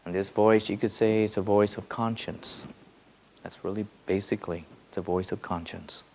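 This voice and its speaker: A man giving a spiritual teaching in a loose, repeating way, swinging between soft musing and sudden excited bursts. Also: lowish voice, moderate pace. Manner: repeats words and restarts often. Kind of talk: spoken teaching to a group.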